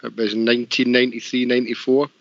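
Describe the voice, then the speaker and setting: A Scottish man on a call-in show telling a story, halting and emotional. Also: mid-range voice, level tone, no echo. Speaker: show presenter. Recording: dry dull lo-fi stream audio.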